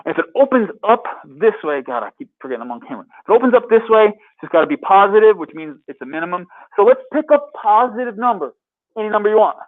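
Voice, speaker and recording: A man's voice: sits high, very animated, fast talker. A man teaching a math class in a classroom, upbeat and quizzing his students as he works problems. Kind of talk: classroom lecture. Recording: tinny phone-like lecture capture.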